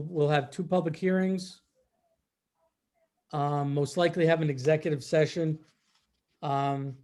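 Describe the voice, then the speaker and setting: A man chairing a public meeting over a video call, his voice sitting a little high. He talks in a relaxed way, with plenty of "um" and "uh" between motions. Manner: relaxed, many fillers.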